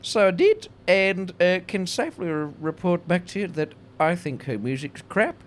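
A man co-hosting a comedy podcast, trading improvised deadpan banter with dry, mock-pompous wordplay. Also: high-pitched, normal speed, a little hiss or hum.

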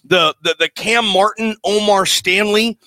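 American sports radio host, bright voice, chatty and excitable, dry close sound. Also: male voice, sits high, a little slow, no room sound. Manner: chatty, excitable, jumps between thoughts. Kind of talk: casual sports talk.

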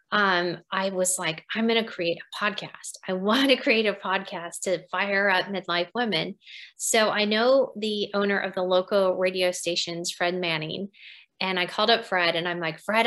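Animated woman in her fifties. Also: medium pitch. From United States. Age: 50s. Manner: animated, laughs often, acts out quoted dialogue. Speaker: podcast guest. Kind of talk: casual interview storytelling.

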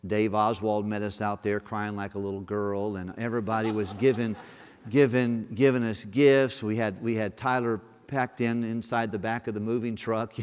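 A guest pastor telling a folksy personal story in a sermon, acting out conversations. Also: male voice, lowish voice, clean tone. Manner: folksy storytelling, acts out dialogue in lively quoted voices. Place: church service. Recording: long reverb of a church hall.

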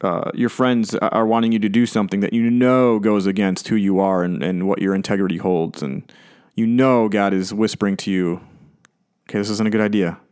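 A man's voice: lowish voice, steady tone, moderate pace, a little mellow, clean tone. A man preaching a sermon in a conversational way, acting out quoted lines and chuckling often. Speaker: pastor.

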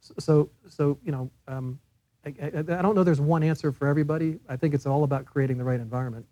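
An older man speaking on a panel, telling a workplace story in a halting way, often repeating words and acting out quoted lines. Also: fairly high pitch, dark tone, highs cut off. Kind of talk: casual anecdote on a panel.

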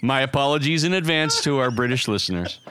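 A man's voice: mid-range voice, expressive, fast, fairly bright tone, slight background noise. A man hosting a podcast, telling a long, silly game scenario in a playful, casual way. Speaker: podcast host. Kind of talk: casual storytelling chat.

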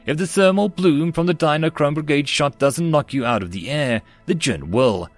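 A man's voice: mid-range voice, expressive, moderate pace, soft background music, close to an everyday voice. A man voicing a brusque human battle controller who gives blunt, clipped warnings in a slightly raised voice. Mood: impatient.

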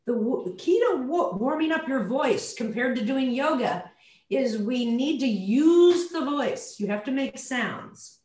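Animated woman voice coach, echoey room. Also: high voice, takes it slowly. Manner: demonstrative, shifts her voice to show examples. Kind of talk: coaching session on a video call.

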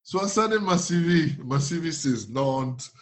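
A man's voice: fairly high pitch, normal speed. Laughing man telling stories. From France. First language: French. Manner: animated storytelling, acts out dialogue, laughs often. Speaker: guest, former footballer. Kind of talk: casual chat.

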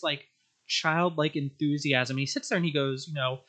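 A young man chatting as a podcast guest, telling stories in an animated way and acting out characters' lines. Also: fairly high pitch, a little fast. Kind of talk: casual podcast chat.

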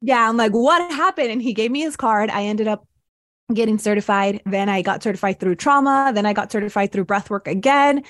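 A woman's voice: medium pitch, fairly quick, no echo. A woman, a podcast guest and breathwork mentor, telling her life story in a casual interview and acting out her past thoughts as quotes.

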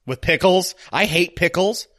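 A man's voice: sits high, unhurried, dry recording, studio quality. A man in his forties hosting a casual movie podcast, joking and laughing as he talks. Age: 40s. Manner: animated, laughing, jokey. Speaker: podcast host.

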